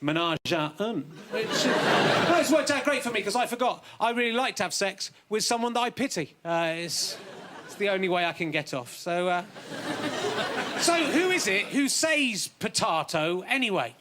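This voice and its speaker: High-voiced ranting comedian. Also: male voice, lively intonation, normal speed, a loud crowd, heavy background noise. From England. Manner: bitter, ranting, mock-indignant. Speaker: stand-up comedian. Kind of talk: stand-up comedy routine. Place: TV studio stage with audience.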